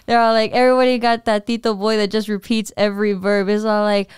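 A woman's voice: medium pitch, level tone, fast, clear, resonant tone, dry recording. A young woman co-hosting a podcast in casual chat, playful and teasing, laughing often. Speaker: podcast co-host.

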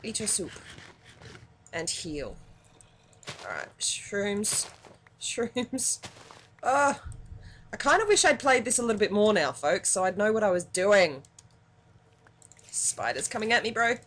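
An Australian woman commenting on her gameplay in a casual, excitable way, muttering to herself between sudden yelps. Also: mid-range voice, takes it slowly, pauses often, a little hiss or hum. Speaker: gaming channel host.

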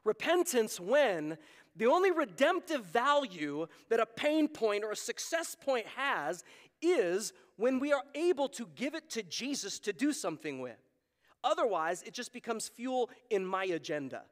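A man's voice: very high-pitched, big pitch swings, unhurried. A man preaching a sermon as pastor, talking in an earnest, conversational way and acting out quoted voices. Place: church sanctuary. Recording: long hall reverb.

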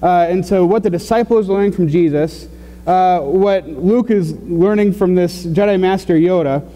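A fairly high-voiced man preaching in a warm, mellow tone, talking loosely and stumbling over his words with plenty of "uh"s. His voice rings out in a church sanctuary with a long reverb tail. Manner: conversational, halting with many fillers and restarts. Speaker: pastor. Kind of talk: sermon.

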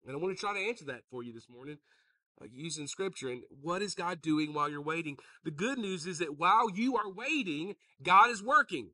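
Male pastor preaching, really bright tone, jokes around w the crowd, dry sound kinda far from the mic. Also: a little high, a little fast, no echo. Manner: joking, animated, calls out to the congregation. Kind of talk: sermon.

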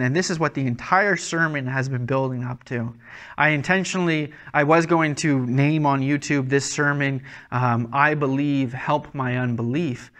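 A man's voice: on the high side, a bit bright. A man preaching a sermon as a pastor, earnest and conversational, often restarting his words.

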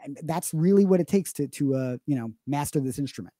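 A man's voice: fairly high pitch, animated, brisk, warm tone, no room sound. Emphatic man teaching drums. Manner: emphatic, explanatory, with frequent restarts. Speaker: drum teacher. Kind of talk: live online Q&A lesson.

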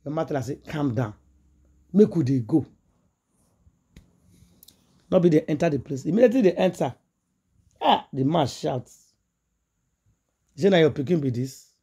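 A woman's voice: deep voice, expressive, normal speed, long pauses, dark tone, husky. A woman with a Nigerian accent, a gossip vlogger retelling a story in Pidgin English and acting out the quoted dialogue in a chatty, dramatic way.

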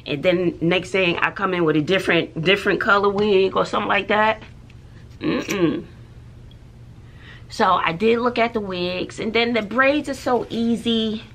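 A middle-aged woman talks straight to her viewers in a chatty vlog. Her voice has a gravelly edge, and she takes her time. She tells her stories with drama and often drops to a hushed aside. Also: mid-range voice, unhurried. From Texas. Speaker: schoolteacher and mother. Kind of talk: casual chatty vlog storytelling.

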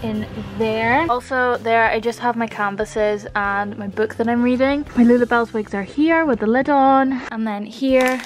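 Young British woman, bright higher voice, chatty bedroom vlogger, phone camera. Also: steady tone, moderate pace, hardly any pauses. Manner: chatty, upbeat, rambling. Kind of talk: casual vlog chat.

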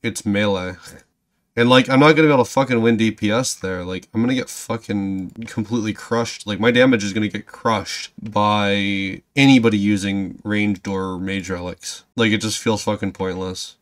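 A man's voice: steady tone, normal speed. Swearing man ranting over gameplay. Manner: profane, swings from low muttering to loud ranting; sarcastic self-talk. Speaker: gaming channel host. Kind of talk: gameplay commentary.

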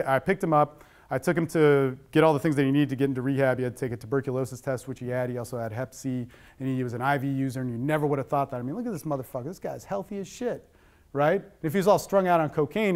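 A man's voice: fairly high pitch, a little mellow. A middle-aged man giving a talk on addiction with slides, speaking bluntly and conversationally with plenty of swearing.

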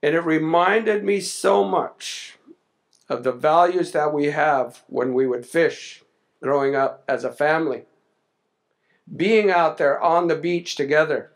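A man recounts a personal story before an audience in a loose, conversational way. His voice sits somewhat high for a man, and he pauses with small fillers as he goes. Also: vocal fry. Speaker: speaker at a salmon summit. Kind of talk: storytelling in a public speech.

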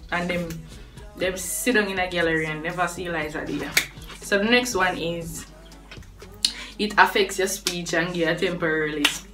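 Young woman, Jamaican accent, chatty vlogger, lowish voice, slightly off-mic. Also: pushed and bright, recorded from a distance. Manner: chatty, laughs between points. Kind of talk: casual talk to camera. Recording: voice a bit off-mic with faint music behind.

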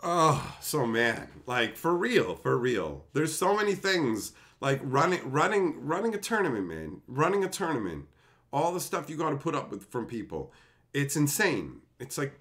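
Profane, animated streamer guy. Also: mid-range voice, brisk. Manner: profane, ranting, animated, laughs often. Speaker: streamer hosting a live stream. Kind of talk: casual storytelling on a live stream.

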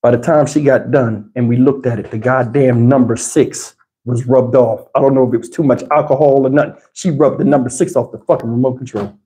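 A man hosts a livestream on a lapel mic, telling a story in a loose, animated way. His talk is salty and full of laughs. His pitch sits in an ordinary middle range. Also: fairly quick. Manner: animated, profane, laughs often. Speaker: livestream host. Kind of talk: casual storytelling. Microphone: wireless lapel mic.

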